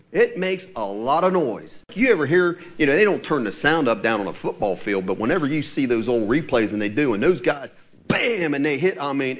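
Animated male pastor preaching. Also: medium pitch. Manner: animated storytelling with questions to the congregation. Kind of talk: sermon. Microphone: church sermon recording.

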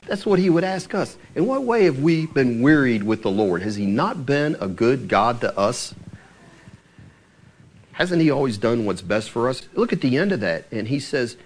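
A man's voice: medium pitch, very animated, normal speed. A man preaching in a conversational Bible-teaching style, explaining verse by verse, asking his listeners questions and chuckling now and then.

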